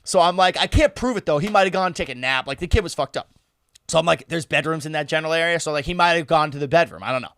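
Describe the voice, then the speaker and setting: A man hosting a live podcast, telling a comic party story in an animated way, laughing and swearing as he goes. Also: a little high, very fast, smooth, no echo, studio quality. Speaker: podcast host.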